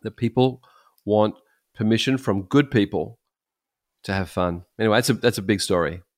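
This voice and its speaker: A middle-aged man, a pastor, telling stories in casual chat, animated and laughing often. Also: fairly low pitch, moderate pace.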